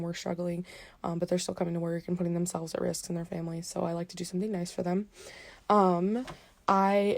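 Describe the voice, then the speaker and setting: A young adult woman with a lowish, creaky voice vlogs casually to the camera. She rambles along, dropping in plenty of "um"s and "like"s.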